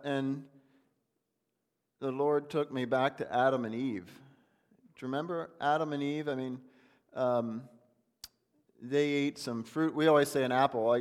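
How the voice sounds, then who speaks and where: A man preaches in a plain, conversational, folksy way, asking question after question of the people in front of him. His voice sits at a middle pitch, and the long reverb of a church hall trails after each phrase. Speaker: pastor. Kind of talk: sermon.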